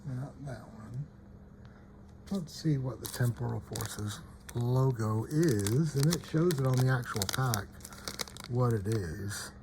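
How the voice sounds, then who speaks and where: A man's voice: mid-range voice, unhurried, background noise. A man casually showing trading cards, often checking "okay?" and trailing off mid-sentence. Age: adult parent. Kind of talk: casual show-and-tell.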